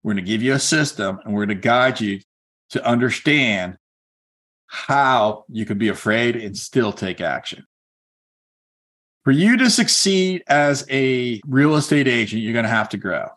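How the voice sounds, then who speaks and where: An earnest man speaks as a real estate coach, mixing a personal story into a motivational talk. He talks in a loose, conversational way, full of casual fillers, and keeps urging his listeners on. His voice sits at an ordinary middle pitch for a man. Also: expressive, measured pace, fairly bright tone. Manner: conversational, many "like" and "you know" fillers; earnest and encouraging.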